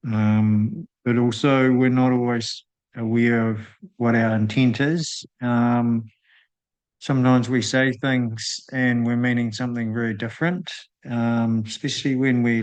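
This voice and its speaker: Man, host, reflective spiritual talk, monotone, hesitant pauses. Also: mid-range voice. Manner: thoughtful, pauses often with drawn-out ums.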